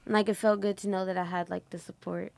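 A woman who is a student in a music program, speaking candidly and haltingly with many fillers. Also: mid-range voice, flat delivery, vocal fry. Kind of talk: casual group conversation.

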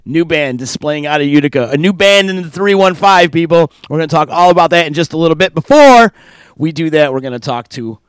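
A man hosting a live radio podcast, reading sponsor spots and chatting in a loud, jokey, hyped way. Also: fairly high pitch, fast talker, few pauses, smooth, dry recording. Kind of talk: casual live show chat with sponsor reads.

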